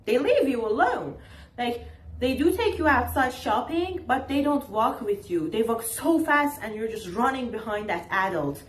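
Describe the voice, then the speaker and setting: A woman's voice: fairly high pitch, lively intonation, normal speed. A woman vlogger talking casually to the camera in an exasperated, sarcastic ranting tone. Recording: roomy echo, faint ambience.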